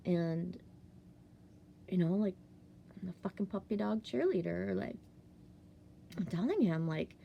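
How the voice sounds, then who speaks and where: A woman's voice: on the low side, lively intonation, unhurried, vocal fry, pauses often, mellow, a little hiss or hum. A woman from Ontario, Canada, telling a personal story in a casual vlog, swearing often, filling with "like" and sometimes dropping to a whisper. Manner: heavy swearing, many "like" fillers, drops to whispers. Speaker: vlogger.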